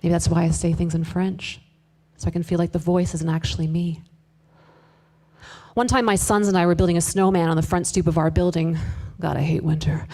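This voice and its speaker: A woman performing a live spoken word piece, confessional and wry, moving between hushed asides and emphatic bursts with sharp swearing. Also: on the low side, fairly even intonation, fairly quick. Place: live event space with audience.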